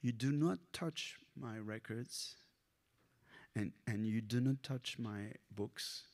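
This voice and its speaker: A man's voice: mid-range voice, takes it slowly. Teasing, brusque teenage big brother, read by a man in his own voice.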